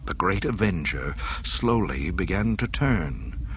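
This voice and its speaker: Man, audiobook narrator, low voice, animated delivery, dramatic. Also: slow, a little hiss or hum. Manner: dramatic, expressive storytelling. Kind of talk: audiobook reading.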